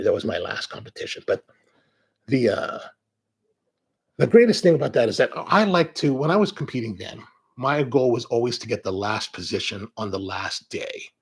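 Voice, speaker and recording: Gravelly man telling animated stories. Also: medium pitch. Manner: animated storytelling, acts out quoted exchanges. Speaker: coffee show host. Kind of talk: live-stream chat with viewers.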